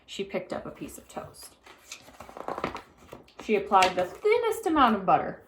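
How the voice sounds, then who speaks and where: A woman reads a children's storybook aloud, her voice rising and falling with lively expression. The recording carries a noticeable room echo. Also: mid-range voice, unhurried, background noise. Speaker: narrator. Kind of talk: reading a children's book aloud. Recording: roomy echo.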